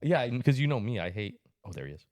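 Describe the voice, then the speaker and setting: A man in his thirties hosting a podcast, telling stories in a casual, animated, swearing style and acting out voices. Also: mid-range voice, quick pace, dry recording. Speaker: podcast host. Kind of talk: casual chat, storytelling.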